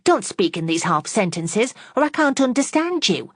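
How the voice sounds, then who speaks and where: A woman voicing an impatient, excitable young lady in an audiobook reading, speaking sharply and fretfully. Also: moderate pace, no room sound, studio quality. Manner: sharp, fretful, high-strung.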